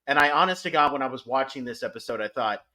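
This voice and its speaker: A man hosting a podcast, talking through episodes in a casual, animated way, rambling with frequent restarts. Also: mid-range voice, quick pace. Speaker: podcast host. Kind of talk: casual review chat.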